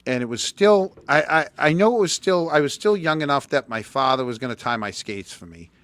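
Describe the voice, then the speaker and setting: A middle-aged man hosts a relaxed talk, his pitch swinging widely as he tells a story. He often repeats words when he gets excited. The sound is dry and close, with no room echo. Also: brisk. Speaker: host. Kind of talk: casual chat, storytelling.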